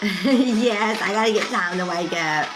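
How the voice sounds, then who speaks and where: A woman's voice: medium pitch, a little slow, poor audio. Woman livestream host, very talkative, rambling, laughs a lot, music in the background. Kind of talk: casual livestream chat.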